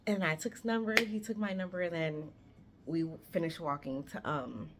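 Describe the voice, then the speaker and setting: A woman around thirty telling a story on her vlog in a chatty, animated way, swearing freely and talking straight to her viewers. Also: lowish voice, normal speed, very noisy.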